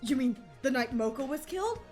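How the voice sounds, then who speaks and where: A woman reading game lines as a concerned young male student who gently asks questions. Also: high-pitched, expressive, fairly quick, soft background music.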